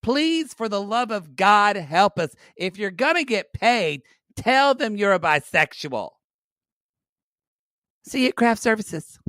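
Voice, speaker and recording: A man's voice: high-pitched, big pitch swings, slow, sharp tone, no echo, studio quality, voice pushed up, full character voice. A man voicing a pushy young gay male TV producer, coaxing and wheedling. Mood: pleading.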